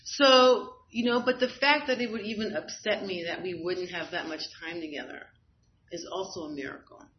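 A woman's voice: fairly low pitch, normal speed, slight background noise. A woman giving a candid, self-deprecating personal testimony at a recovery meeting, often laughing at herself. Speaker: speaker sharing at a recovery meeting. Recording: slightly dull, lo-fi recording.

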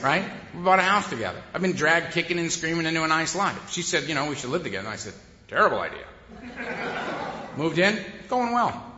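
A man shares his story at a recovery meeting, wry and conversational and often laughing. His voice is bright and a bit raised. It echoes through a hall with a long reverb, and the sound is dull. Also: fairly high pitch, lively intonation, fast talker, slight background noise. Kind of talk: humorous personal storytelling.

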